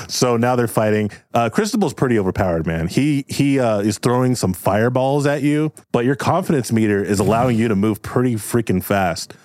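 A man's voice: mid-range voice, expressive, a little fast, hardly any pauses, darkish tone, no echo. A man hosting and narrating an improvised game in a casual, filler-heavy way. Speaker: host and game master.

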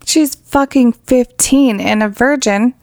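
A woman's voice: fairly high pitch, slow pace, darkish tone, dry recording, studio quality. A woman co-hosting a casual true crime podcast, blunt and indignant, swearing often as she reads out case details. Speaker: podcast co-host.

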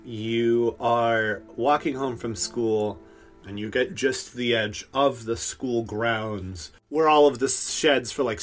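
A man narrating as game master in a tabletop role-play, in a loose, laid-back way. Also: mid-range voice.

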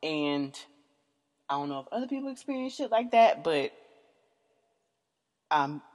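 A woman's voice: sits low, sing-song, measured pace, darkish tone. A woman hosting a casual podcast episode, talking frankly and rambling, with lots of fillers and profanity. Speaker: podcast host. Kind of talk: casual candid monologue. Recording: long hall reverb.

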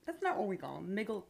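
A woman's voice: fairly high pitch, fairly bright tone. Chatty woman co-host telling stories. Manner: chatty, storytelling, laughs often. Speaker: podcast co-host. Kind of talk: casual chat.

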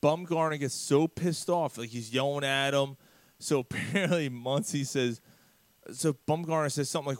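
A man's voice: a little high, moderate pace, no room sound. A man hosting a casual sports chat, blunt and profane, steering the show from topic to topic. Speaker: podcast host.

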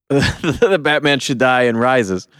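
A man's voice: medium pitch, lively intonation, takes it slowly, fairly bright tone, smooth, no echo, studio quality. A young man co-hosting a casual movie review podcast, ranting with lots of swearing and mocking the people he quotes. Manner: profane, heated ranting with mocking quoted voices. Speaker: podcast co-host.

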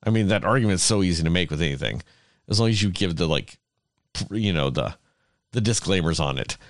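Lively low-voiced sardonic man. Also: fairly quick, dry recording, clean studio sound. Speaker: film podcast co-host. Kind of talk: casual film review chat.

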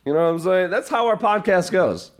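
A man's voice: sits high, expressive, a little fast. A man co-hosting a comedy podcast, trading silly banter and making absurd claims with mock confidence. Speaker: podcast co-host.

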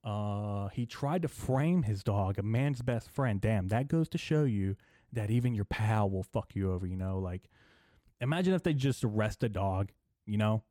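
A young man hosting a comedy podcast, rambling through a profane, deadpan monologue full of filler words. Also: lowish voice, moderate pace, dry recording, clean studio sound. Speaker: podcast host.

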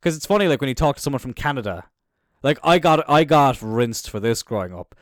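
An Irish man, a young adult, hosting a casual solo podcast in an animated, jokey way with plenty of swearing. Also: mid-range voice, fairly quick, no echo, clean studio sound. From Ireland. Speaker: podcast host.

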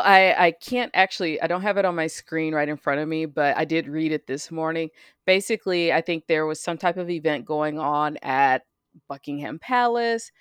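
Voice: medium pitch, a bit bright, smooth, no echo, clean studio sound. A podcast co-host from the United States in casual chat, talking freely and often restarting sentences. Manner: chatty, trails off and restarts.

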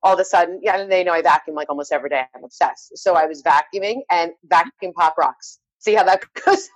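A middle-aged woman in casual chat, lively and acting out quotes. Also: lowish voice, quick pace, slightly rough, no room sound, low-quality recording. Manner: chatty, full of "like", animated quotes.

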